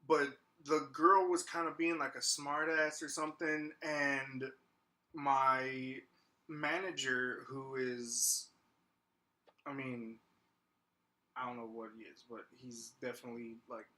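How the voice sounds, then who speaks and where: A man's voice: mid-range voice, fairly even intonation, measured pace, long pauses, sharp tone. A young man from Texas, a podcast co-host, telling a story casually with lots of fillers and restarts. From Texas, USA.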